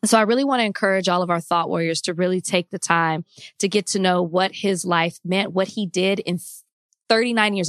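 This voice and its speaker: A woman's voice: mid-range voice, no echo. Earnest woman co-host, impassioned, laughs easily, dry close sound. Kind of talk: casual discussion.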